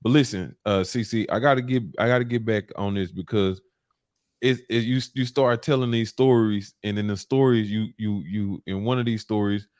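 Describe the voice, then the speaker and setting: A man hosting a casual interview, halting and repeating words as he shouts out viewers and asks questions. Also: on the low side, fairly even intonation, no echo, clean studio sound. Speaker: host.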